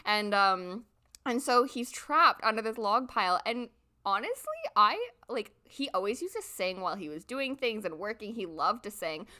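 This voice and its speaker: A woman's voice: mid-range voice, lively intonation, normal speed, sharp tone. A young adult woman telling a rambling story in casual chat, full of "like" fillers.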